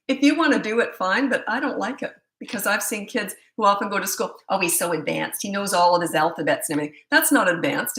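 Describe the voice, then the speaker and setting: A woman's voice: mid-range voice, sharp tone, echoey room, low-quality recording. A middle-aged woman, a parenting coach, answering viewer questions on a live stream in a blunt, opinionated way. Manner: blunt and opinionated, quick asides.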